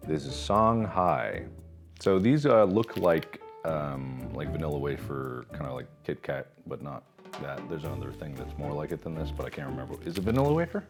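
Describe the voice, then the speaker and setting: A man's voice: a bass voice, expressive, moderate pace, soft background music. A man in his thirties hosting a casual snack review, joking and rambling, sometimes talking with his mouth full. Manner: jokey, rambling, talks while chewing.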